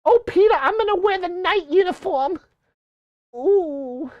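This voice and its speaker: A man voicing a flirty adult cartoon housewife in a teasing falsetto, recorded with a dull lo-fi sound. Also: lively intonation, measured pace, no room sound.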